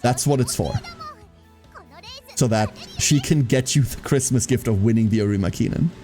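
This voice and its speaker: A man with a German accent, German native speaker, chatting casually on a gaming stream and cheering on races like an excited commentator. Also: medium pitch. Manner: chatty, excitable, jokey, slips into hyped race commentary.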